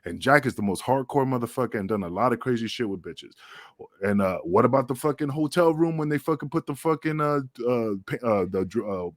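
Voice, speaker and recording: A man's voice: medium pitch, animated, fairly quick, dry recording, studio quality. A middle-aged man, a former pro wrestler, telling rambling, profane backstage stories in a casual podcast chat. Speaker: retired pro wrestler guest.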